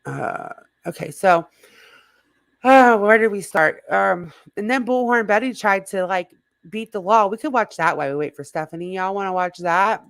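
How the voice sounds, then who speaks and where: A slightly hoarse woman hosting a casual livestream, rambling and greeting viewers in the chat by name. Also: medium pitch, normal speed, no room sound. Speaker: livestream host.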